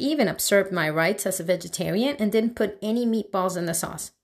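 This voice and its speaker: A woman reads a teenage girl's diary aloud in the first person. She sounds chatty and exasperated, with a middle-pitched voice. The recording is dry and close to the mic. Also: a little fast, creaky, few pauses, no room sound. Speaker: audiobook narrator. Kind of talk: first-person diary narration as a teen girl.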